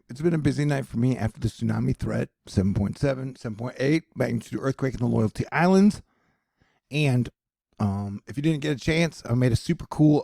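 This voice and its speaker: A man casually covering the news on his vlog, reading tweets aloud and making jokey asides, at times rising to loud excited questions. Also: medium pitch, creaky, no echo, clean studio sound. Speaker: online news commentator. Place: home in Texas.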